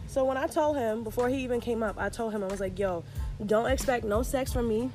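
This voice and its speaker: A young woman in her twenties telling a story in casual chat, animated and profane, acting out the people she quotes. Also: fairly high pitch, fast, over music.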